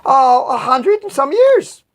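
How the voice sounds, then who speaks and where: Woman doing a slow, low-voiced old Easter Bunny. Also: sing-song, slight background noise, exaggerated voice. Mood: weary. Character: gruff old male Easter Bunny, patient.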